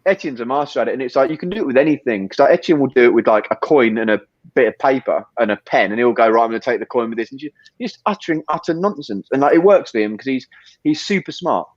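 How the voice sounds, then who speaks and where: A man chatting as a podcast guest, his words tumbling out fast with fillers and restarts. His voice sits at an ordinary middle pitch. The recording is dry and slightly dull. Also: expressive, no room sound. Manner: quick, rambling storytelling with many fillers and restarts. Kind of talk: casual interview chat.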